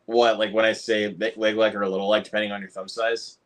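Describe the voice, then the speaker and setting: A young man with an American accent chats casually on a movie livestream. His voice sits fairly low. He rambles and restarts his sentences often. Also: little pitch movement, fast talker. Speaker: livestream co-host, film reviewer.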